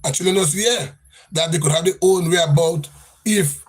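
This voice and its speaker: A Grenadian man hosting a livestream, delivering a fiery political rant. His voice sits high and sounds husky. He keeps circling back to the same phrases in a lilting, sing-song cadence. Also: normal speed. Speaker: livestream host.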